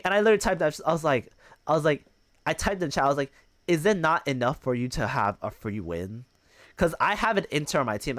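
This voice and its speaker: A man's voice: medium pitch, a bit bright, dry recording. A male streamer telling a gaming story in casual, profane chat, mocking the people he quotes.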